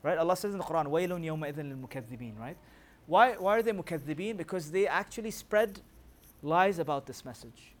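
Male religious teacher, slightly high voice, rapid recitation, keeps quizzing the room. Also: lively intonation. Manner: quizzes listeners with rhetorical questions; recites scripture in rapid chanting. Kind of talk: Quran commentary class.

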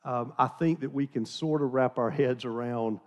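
A man's voice: mid-range voice, normal speed, darkish tone. A middle-aged man from the American South, a pastor telling a folksy, self-deprecating story in a sermon, chatty with many restarts.

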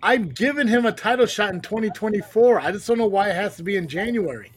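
Male podcast host, slightly high voice, casual joking delivery, often sounds exasperated. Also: expressive, fast talker, slight background noise. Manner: joking, exasperated, mutters "Jesus". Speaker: podcast host and wrestling commentator. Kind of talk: casual live-stream chat.

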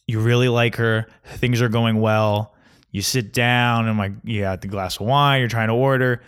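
A man's voice: medium pitch, steady tone, normal speed, fairly bright tone, clear, resonant tone. A young man ranting in a casual comedic monologue, grumpy and mocking. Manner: grumpy, ranting, mocks mispronunciations.

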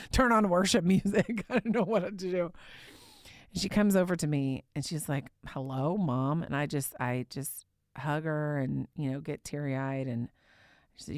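A woman preacher telling a personal story in a sermon, candid and conversational, sometimes dropping to a hushed tone. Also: deep voice, no echo, clean studio sound.

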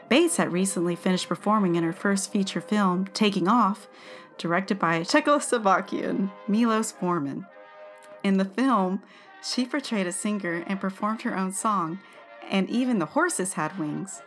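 A woman co-hosting a podcast, reading a history segment aloud and giggling as she stumbles over words. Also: mid-range voice. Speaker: podcast co-host.

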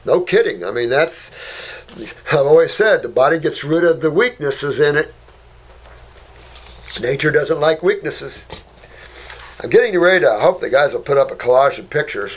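A man's voice: on the high side, expressive, normal speed, pauses often. A man hosting a casual health talk, answering viewer questions in a folksy, rambling way and calling listeners honey.

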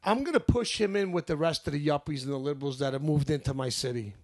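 A man's voice: fairly high pitch, fast talker, a little mellow. A young man with a New York accent, co-hosting a casual chat and ranting in heated, profane bursts. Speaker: podcast co-host.

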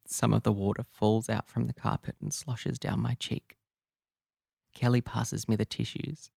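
A man's voice: mid-range voice, level tone, moderate pace, creaky, no room sound, studio quality. A man narrating a first-person audio drama, in an intimate, raw, confessional way.

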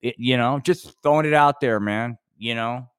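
A man's voice: mid-range voice, normal speed, a bit bright, smooth, no room sound, clean studio sound. A man co-hosting a podcast in casual chat, laid-back and drawling, filling his talk with "man" and "you know.". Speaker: podcast co-host.

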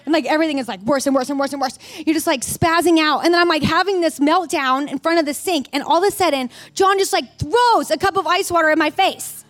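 A woman in her forties preaching a personal testimony in a high, bright-pitched voice. She talks candidly and expressively, with plenty of casual fillers. The sound is dry and close, with no room echo. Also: quick pace, hardly any pauses. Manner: candid and expressive, peppered with "like" and "oh my gosh". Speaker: ministry leader preaching. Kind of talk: sermon testimony.

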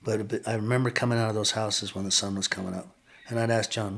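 An older man, a podcast guest, telling his personal recovery story in an earnest, reflective way with frequent pauses. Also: lowish voice, steady tone, gravelly, fairly bright tone, slight background noise.

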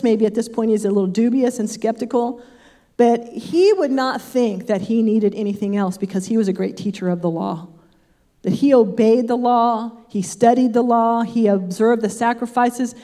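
An older woman leads a relaxed Bible lesson in a warm, somewhat high voice. She talks chattily and drifts into personal asides. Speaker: Bible teacher. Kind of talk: casual Bible teaching.

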